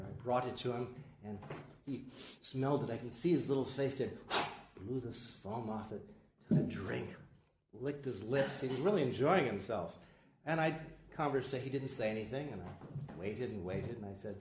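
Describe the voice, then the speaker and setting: A man's voice: medium pitch, normal speed. Man telling a story in an echoey hall. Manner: relaxed, conversational, soft-spoken asides. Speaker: lecturer. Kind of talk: anecdotal storytelling. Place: lecture hall. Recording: echoey hall, faint noise.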